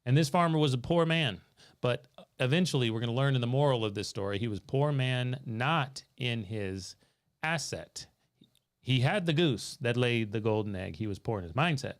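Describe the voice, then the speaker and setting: In a studio livestream, a man hosts a financial Q&A, telling a story, reading out viewer comments from the chat, and quizzing his co-host. His mid-range voice has lively intonation and a moderate pace.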